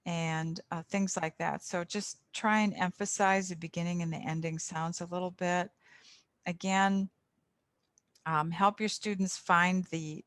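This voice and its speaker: Middle-aged woman trainer, a bit low-pitched, dry close sound; patient and explanatory, stretches out example words. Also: no echo. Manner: patient, explanatory, slows down to model pronunciation examples. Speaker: volunteer tutor trainer. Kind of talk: online training presentation. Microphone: video call.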